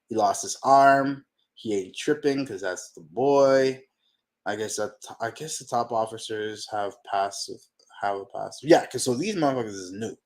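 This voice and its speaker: A man hosting a manga reaction channel, talking to himself while he reads, excitable and profane in casual reaction commentary. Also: on the low side, measured pace.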